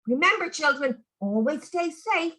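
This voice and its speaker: A woman voicing a tiny, kindly male hedge sprite in a children's storybook who gently warns the children to be careful. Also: high-pitched, expressive, measured pace, pitched above the performer's own voice, full character voice. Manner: gentle, cautioning.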